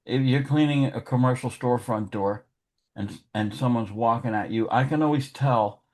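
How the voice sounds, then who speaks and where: A man's voice: medium pitch, normal speed, a little mellow. Man, middle-aged, blunt, profane, casual chat.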